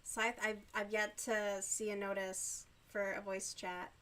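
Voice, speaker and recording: A woman's voice: medium pitch, level tone, measured pace, bright, forceful tone. Woman livestreamer, casual crafting chat, mid-range voice, easygoing and filler-heavy. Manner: chatty, loose, reacting to chat with many fillers.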